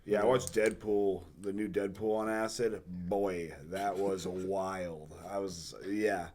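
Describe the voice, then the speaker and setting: A man on a casual podcast chat, talking in a relaxed, easily amused way. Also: sits low, takes it slowly. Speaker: podcast guest.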